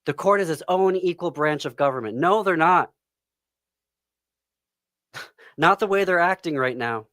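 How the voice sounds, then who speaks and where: A man hosting a podcast, ranting with anger about politics, breaking off with sighs and pauses. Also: fairly high pitch, animated, a bit bright, dry recording, studio quality. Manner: angry, pauses and sighs, near tears. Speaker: podcast host. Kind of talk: impassioned political commentary. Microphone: close studio microphone.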